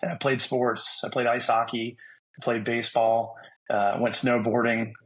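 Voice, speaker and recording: A man's voice: medium pitch, measured pace, poor audio. A middle-aged man from Rhode Island with a faded New England accent, a sergeant major guest telling his story matter-of-factly. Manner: even-toned, matter-of-fact storytelling. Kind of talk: casual interview chat.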